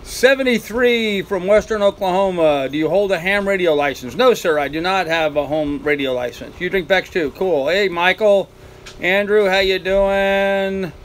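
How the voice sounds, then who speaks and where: Older guy from the states, kinda high voice, reading out chat and answering, faint fan humming behind. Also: moderate pace, rough recording. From United States. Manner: reads viewer comments aloud and answers them easygoingly. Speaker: live-stream host. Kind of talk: casual live-stream chat. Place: cabin of his boat with the doors closed. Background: faint fan noise.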